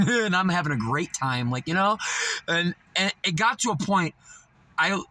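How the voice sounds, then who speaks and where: A man tells stories in loose, casual talk, swearing freely and laughing at his own tales. His voice is bright and fairly high. His pitch jumps around a lot. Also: animated, moderate pace, slight background noise. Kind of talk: casual storytelling monologue.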